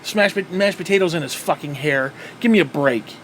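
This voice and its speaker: In a voice on the high side at normal speed, a man reviewing wrestling vents in a solo rant, cursing and sighing in exasperation. A little hiss or hum can be heard.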